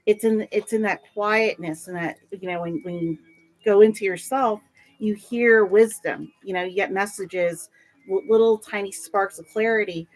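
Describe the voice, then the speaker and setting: A woman's voice: mid-range voice, fairly even intonation, low-quality recording. Reflective woman sharing intuitive messages. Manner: halting and searching, many fillers. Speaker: guest intuitive reader.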